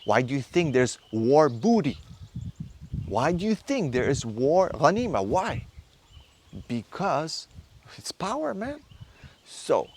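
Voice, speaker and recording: Man, thirties, course instructor, hectoring lecture, rhetorical questions, very lively intonation. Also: fairly high pitch, slow pace, long pauses, husky. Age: 30s. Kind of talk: impassioned motivational lecture.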